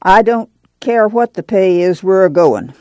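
A woman reads a hard-bitten farm mother who will not be argued with, speaking in a firm, blunt drawl. The voice is dry and close, with no room around it. She keeps a level, mid-pitched tone throughout, as in a book reading. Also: animated, measured pace, mellow, dry recording, close to an everyday voice. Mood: stern. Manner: firm, blunt, plain-spoken rural drawl. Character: tough, determined mother of a poor migrant family. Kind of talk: audiobook reading of a novel.

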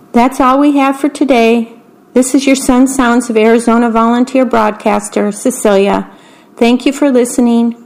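A woman reading a children's bedtime story aloud as a volunteer radio reader, in a slow, clear, gentle way. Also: on the high side.

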